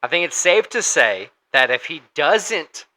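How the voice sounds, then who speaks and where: A man with a bright, forceful voice co-hosts a casual sports podcast. His pitch sits a little high for a man. He talks loosely, with fillers and restarts. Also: big pitch swings, measured pace, low-quality recording. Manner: conversational, hesitant with fillers and restarts. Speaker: podcast co-host.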